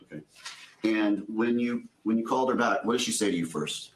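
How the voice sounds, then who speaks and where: A man's voice: lowish voice, fairly quick, a little hiss or hum. A male attorney questioning a witness in court, methodical and restating answers before each question. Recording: echoey courtroom audio.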